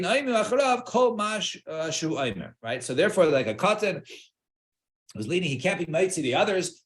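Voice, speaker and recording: A man leads a Talmud study class in a high voice that rises and falls freely. He stops and restarts his sentences, checks in with "right?", and mixes Hebrew and Aramaic phrases into his English explanations. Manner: halting, many restarts and fillers, checks with "right?".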